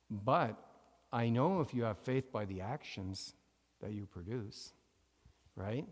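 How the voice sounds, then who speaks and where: A pastor preaching a sermon to his congregation, calling for amens and having them repeat lines after him, moving between loud emphatic phrases and quiet asides. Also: mid-range voice, long reverb tail. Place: church sanctuary.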